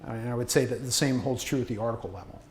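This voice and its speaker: A man of middle pitch gives a workshop talk on writing, chatty and self-deprecating. He often stops and restarts a sentence mid-thought. The recording picks up the echo of the room. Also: fast, crowd noise. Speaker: university communications workshop presenter. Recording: echoey room.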